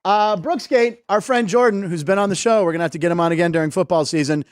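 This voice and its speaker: Sports-comedy host, male, chatty and topic-hopping, higher voice with a dry studio sound. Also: fast talker, smooth, no echo. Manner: chatty, jumps between topics, laughs often. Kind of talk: casual sports comedy chat. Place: live studio show.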